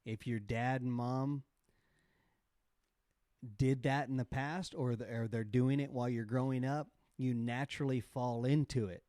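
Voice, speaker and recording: A man in his forties, a podcast guest telling candid stories in casual interview talk and growing animated as he recalls events. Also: mid-range voice, no echo, studio quality. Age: 40s. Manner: candid storytelling, animated when retelling a scene. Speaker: podcast guest, motocross team owner.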